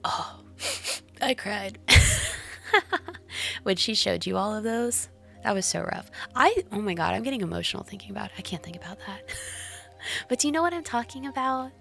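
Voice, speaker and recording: A woman's voice: mid-range voice, lively intonation, moderate pace, creaky, a bit bright, faint music behind. Bubbly, giggly young woman streamer. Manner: bubbly and giggly, chatting with viewers. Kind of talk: casual live-stream chat while gaming.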